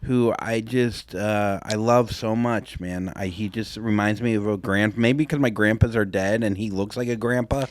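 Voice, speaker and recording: A man's voice: lowish voice, steady tone, moderate pace, few pauses. A man co-hosting a podcast in casual chat, easygoing and jokey, laughing often. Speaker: podcast co-host.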